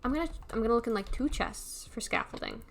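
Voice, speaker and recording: Her voice is a little high and fast as she plays a block-building game on a livestream. The chatter is casual and meandering, and she laughs a lot.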